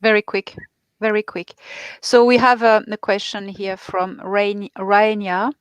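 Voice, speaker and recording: A woman's voice: medium pitch, level tone, unhurried, clear, resonant tone, no room sound, low-quality recording. A woman hosting a conversational interview, giving firm, emphatic advice. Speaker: host.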